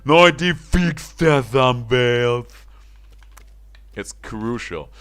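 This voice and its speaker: A man voicing a rowdy drunk man who bellows a drinking song in a loud, drawn-out, off-key way, reading game dialogue aloud. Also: medium pitch, lively intonation, smooth, voice pushed up. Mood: bellowing song.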